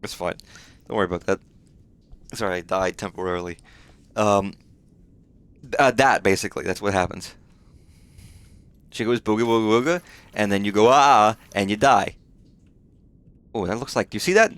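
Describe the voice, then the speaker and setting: A man with a lowish voice talks loosely while he plays a game on a live stream, full of fillers and casual swearing. The sound is dry and close, with no room around it. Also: moderate pace, pauses often, no room sound. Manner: rambling, swears often, frequent fillers. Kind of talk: casual live gameplay chat.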